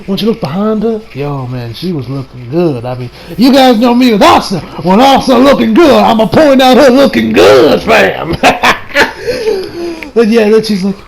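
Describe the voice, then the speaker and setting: A man giving a casual, rambling anime episode review, slangy and excitable, often laughing at his own remarks. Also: sits high, normal speed, gravelly, low-quality recording.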